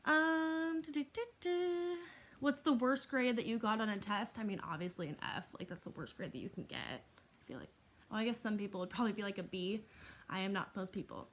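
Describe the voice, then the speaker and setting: A young woman answering questions in a chatty, casual vlog, laughing and filling pauses with "um" and "like". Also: medium pitch, animated. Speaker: vlogger.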